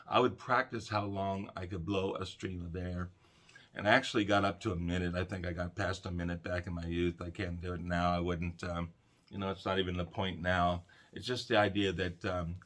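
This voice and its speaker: A middle-aged man, a counselor, giving a calm, conversational self-help talk about breathing. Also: sits low.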